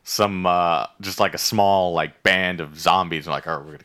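Deep, bright-toned guy recapping casually. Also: steady tone, a little slow, smooth. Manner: rambling, profane, playful recap with silly nicknames. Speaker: podcast co-host recapping an episode. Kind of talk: casual chat.

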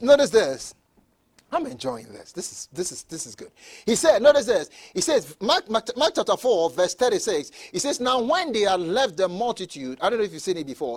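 Pastor guy preaching, high voice that jumps all over, repeats himself a lot, gets loud then soft. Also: sing-song, moderate pace. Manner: repeats words, stammering restarts, laughs between points; swings from soft asides to loud emphatic preaching. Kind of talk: sermon.

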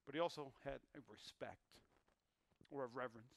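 A male pastor preaching a sermon, emphatic, repeating his lines and breaking into sudden loud bursts. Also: fairly high pitch, big pitch swings, moderate pace, no room sound.

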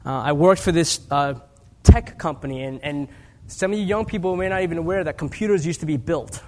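A man around forty preaches as a guest speaker, his voice sitting fairly high for a man. He talks like he is chatting with the congregation, joking at his own expense. His delivery swings from quiet, hushed asides to raised, emphatic lines. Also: fairly quick. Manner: conversational storytelling with self-deprecating humor. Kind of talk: sermon.

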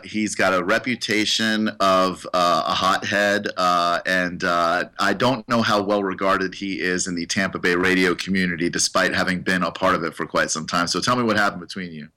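A man's voice: low voice, fairly even intonation, moderate pace, few pauses, sharp tone, poor audio. A middle-aged man hosting a casual radio interview, easygoing and hesitant, with many fillers. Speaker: radio host.

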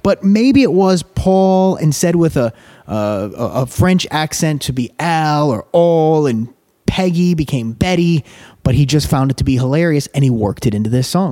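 A man's voice: fairly high pitch, lively intonation, moderate pace, warm tone. A man hosting a podcast, talking casually and eagerly about a song and reading its lyrics aloud. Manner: enthusiastic, explains while reading lyrics aloud. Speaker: podcast host. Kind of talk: casual music commentary.

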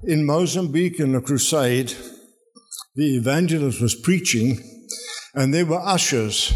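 A man preaching a sermon, telling a story in an animated way, acting out the voices of its people and repeating words as he goes. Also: on the high side, unhurried, slightly rough. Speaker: guest preacher.

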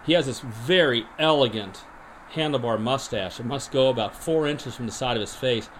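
A man hosting a podcast, deadpan and rambling with many restarts, in an improvised comedy monologue and mock interview. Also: medium pitch, normal speed, slight background noise. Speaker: podcast host.

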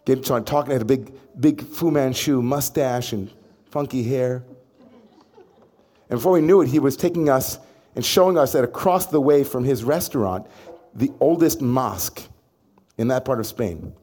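A man, a rabbi, telling a personal story in an animated, dramatic way. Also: mid-range voice, normal speed.

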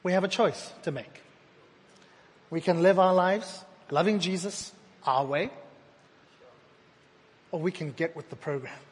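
A man preaching a sermon to his congregation, swinging from loud emphatic repetition to hushed, intimate phrases. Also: high voice, unhurried, pauses often. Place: church hall. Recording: long hall reverb.

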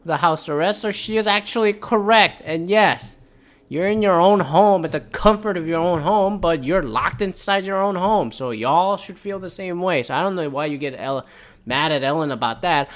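A man's voice: fairly high pitch, a bit bright. A man hosting his own show alone from home, talking in a loose, rambling and heavily profane way. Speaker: podcast host. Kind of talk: casual solo monologue. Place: at home indoors.

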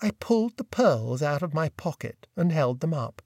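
A man narrating an audiobook in a wry, expressive storytelling manner. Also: on the high side, moderate pace, dry recording, studio quality. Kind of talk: scripted narration.

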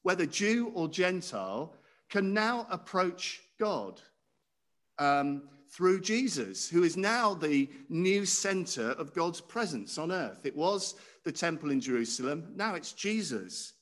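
A man's voice: fairly high pitch, big pitch swings, slow, fairly bright tone. A man preaching a sermon in a conversational way, often asking his listeners questions. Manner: conversational, asks the audience questions.

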